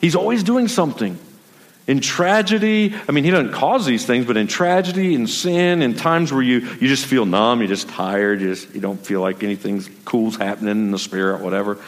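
At normal speed and in a mid-range voice, a pastor gives a sermon as loose, conversational storytelling, at times saying words twice. A large hall lends the recording a long reverb.

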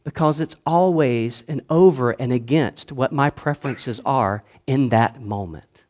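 A man speaks slightly slowly in a medium pitch as he preaches a sermon as pastor. He moves between loud declaiming and soft asides, inviting the congregation to call back.

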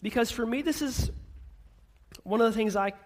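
A man in his thirties preaching a sermon with a notably high, light voice. He speaks gently and earnestly, then builds to firm, emphatic statements. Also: moderate pace. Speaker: pastor.

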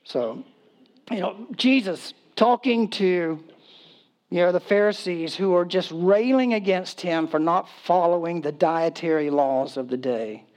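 A man's voice: high voice, unhurried. A man preaching a sermon in a casual, humorous storytelling way, acting out voices and laughing as he goes. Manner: acts out voices in quotes, animated. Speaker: pastor.

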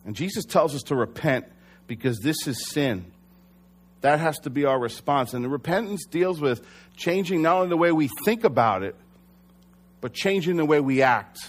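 A man's voice: fairly high pitch, expressive, moderate pace. A young adult man preaching a sermon as pastor, earnest and conversational, sometimes correcting himself.

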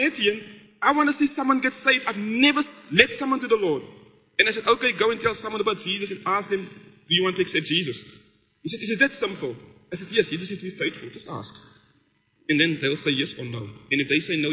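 A man's voice: sits high, bright, forceful tone, long reverb tail, rough recording. A man, a pastor, giving a conversational sermon and telling stories with quoted dialogue.

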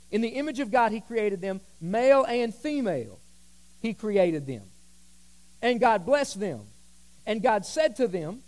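A man preaching a sermon as pastor, emphatic, repeating key lines and joking with the congregation. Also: very high voice.

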